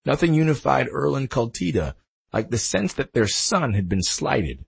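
A male narrator reads a nonfiction audiobook with expressive delivery. His voice is gravelly and husky. His pitch moves in a lively way. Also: moderate pace. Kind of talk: scripted narration.

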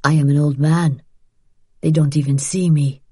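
A woman putting on a worn-out old father in an audiobook, gruff and weary, his voice lower, heavier and slower than her own narration, set against a dark, dry, close sound. He speaks plainly and a little loudly, with tired firmness in every line. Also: fairly even intonation, no room sound. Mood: gruff concerned. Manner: weary, low and firm. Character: tired thin elderly Parisian father, gruff. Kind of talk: audiobook character voice.

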